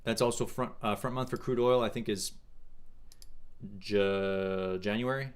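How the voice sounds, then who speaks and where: A man hosting a casual trading livestream, thinking aloud in a halting way and answering chat questions. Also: lowish voice, steady tone, smooth.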